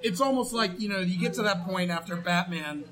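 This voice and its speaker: A man's voice: high voice, brisk, a bit bright. A man in a casual comedic debate, mocking his topic with sarcasm. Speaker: debate participant.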